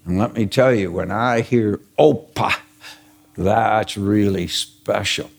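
A man's voice: lowish voice, takes it slowly, creaky. An older man, a grandfather, preaching a sermon, telling stories and asking the congregation questions with frequent chuckles. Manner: storytelling, asks the congregation questions, chuckles often. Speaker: pastor.

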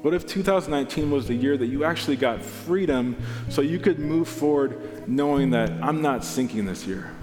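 A young man delivers a sermon as a pastor, earnest and personal, slipping into the voices of the people in his stories. His voice rings out into a large church hall with a long reverb. A soft plucked guitar plays quietly behind him. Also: a little high, moderate pace, few pauses. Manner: earnest, storytelling with acted-out quotes. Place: church auditorium. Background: soft guitar music.

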